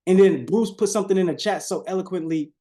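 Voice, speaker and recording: His voice is somewhat high, with a dark, mellow tone, as he leads a live sales coaching call. Preachy and fond of repeating phrases, he purposely goes low and slow for effect and keeps speaking to his listeners as "y'all."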